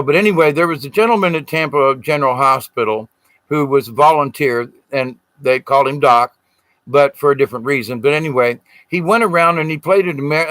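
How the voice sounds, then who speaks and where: A middle-aged man tells a long personal story in a rambling, earnest way. His voice sits a little high and sounds bright and forward. The recording is dry and close. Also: dry recording, low-quality recording. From Southern United States. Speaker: spiritual storyteller. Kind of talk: casual storytelling.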